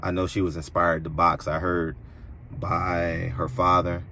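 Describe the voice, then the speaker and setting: A man delivering an opinionated commentary monologue as a boxing commentator, preachy and emphatic, his voice jumping higher when indignant. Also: flat delivery, unhurried, sharp tone, a little hiss or hum.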